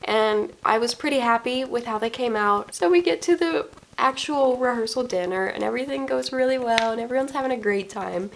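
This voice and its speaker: Bubbly young woman, gravelly edge. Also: on the high side, fairly quick, a little hiss or hum. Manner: animated storytelling, acting out quoted dialogue, frequent laughs. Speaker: wedding photographer and vlogger. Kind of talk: casual storytime vlog.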